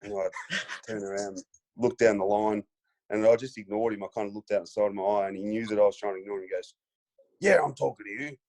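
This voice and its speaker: A man's voice: lowish voice, flat delivery, fast, warm tone. Laid-back Australian man telling stories. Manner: laid-back storyteller, many fillers, acts out quotes. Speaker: podcast guest, former footballer. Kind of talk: casual storytelling chat.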